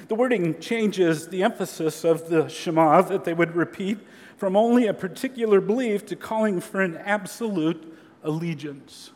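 A man preaching a sermon as a pastor, earnest and measured, with slow emphatic pauses. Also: high-pitched, darkish tone. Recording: long hall reverb.

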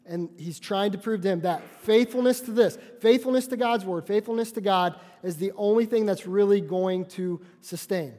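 A man's voice: sits high, normal speed, few pauses, warm tone. A man preaching a sermon in a conversational way, often repeating and restarting his phrases. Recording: long hall reverb.

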